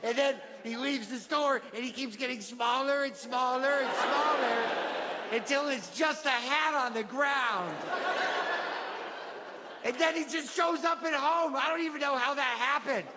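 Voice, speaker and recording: A man voicing a small child who excitedly reads a picture book in a sing-song, emphatic way. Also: extremely high pitch, unhurried, voice pushed up. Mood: giddy. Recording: live club, echoey hall, audience noise.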